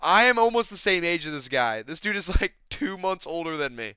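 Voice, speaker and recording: A young adult man hosting casual MMA predictions, excitable and rambling, tossing in "bro" and swearing often. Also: on the high side, fairly quick, few pauses, clear, resonant tone, no room sound, clean studio sound. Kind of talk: casual fight-prediction chat.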